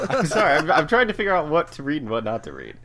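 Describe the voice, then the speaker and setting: A man's voice: on the high side, wildly swooping pitch, fast, a crowd in the background. A man co-hosting a casual podcast about comics, talking animatedly, laughing often and acting out lines from the story. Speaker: podcast co-host. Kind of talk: casual comic book discussion.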